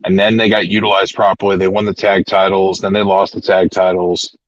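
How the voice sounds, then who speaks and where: A man's voice: sits low, little pitch movement, brisk, no echo. A man hosting a casual wrestling talk podcast, rambling and retelling events with restarts. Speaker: podcast host. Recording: dull lo-fi recording, dry.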